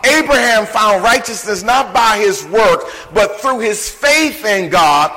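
Male preacher, emphatic sermon, high bright voice, shouts then drops low, long echo of a church hall. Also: animated, slow. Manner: emphatic, swings from shouted lines to hushed ones. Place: church sanctuary.

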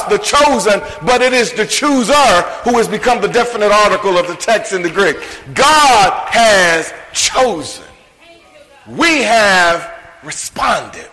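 A man preaching a sermon in church, emphatic, swinging between shouted lines and hushed ones. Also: sits high. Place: church sanctuary. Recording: long hall reverb.

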